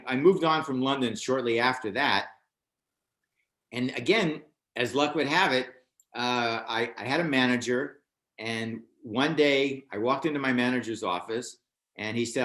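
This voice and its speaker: A man's voice: medium pitch, reverberant. Older male comedian telling a story. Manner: animated, acts out other people's lines with raised voice. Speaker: stand-up comedian guest. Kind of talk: storytelling anecdote in a casual interview.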